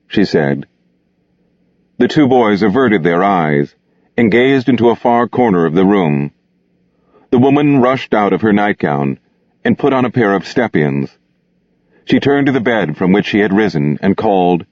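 A man narrating an audiobook in a measured, expressive storytelling manner, recorded close on a studio mic. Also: on the low side, no echo, muffled recording.

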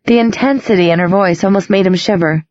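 A woman narrating an audiobook with a measured, even reading, in a slightly dull, dry studio recording. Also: medium pitch, dry recording. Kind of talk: scripted narration.

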